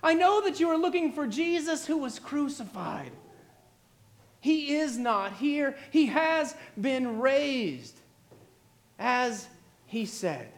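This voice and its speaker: A man's voice: extremely high pitch, animated, slow pace, heavily acted. A man voicing a radiant angel whose announcement is both delighted and imposing, within a sermon. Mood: proclaiming. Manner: proclaiming, declamatory.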